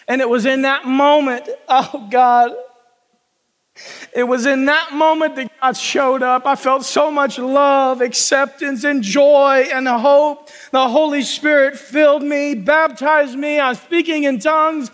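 A man preaching a testimony sermon in a church, talking with passion and folksy asides, and shouting at the peaks. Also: very high-pitched, steady tone, a little slow, in a large hall. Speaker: pastor. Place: church sanctuary with congregation.

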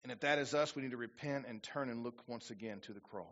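A man's voice: medium pitch, fast, few pauses, fairly bright tone. A man preaching a sermon as pastor, building to emphatic bursts and acting out quoted prayers. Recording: dull lo-fi church recording.

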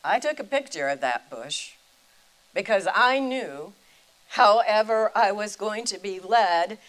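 An older woman, a retired chaplain and preacher, telling a personal faith story in a deliberate, reflective way. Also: medium pitch, lively intonation, a bit bright, low-quality recording.

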